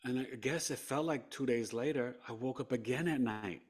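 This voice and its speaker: Male podcast guest from New York, mid-range voice, animated storyteller who shifts between hushed and loud. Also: medium pitch, normal speed. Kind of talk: emotional personal storytelling.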